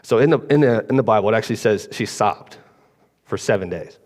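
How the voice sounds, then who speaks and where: A man's voice: on the low side, lively intonation, brisk, darkish tone, long reverb tail. A man giving a casual, rambling sermon, often checking in with listeners. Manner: chatty, rambling, asks the congregation "right?" often. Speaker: preacher. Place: church hall.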